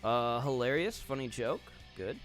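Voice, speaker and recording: Male streamer, mid-pitched voice, casual offhand reactions, soft guitar music underneath. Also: animated, unhurried. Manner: reactive, reads posts aloud and comments offhand. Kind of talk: casual live-stream commentary. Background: faint guitar music.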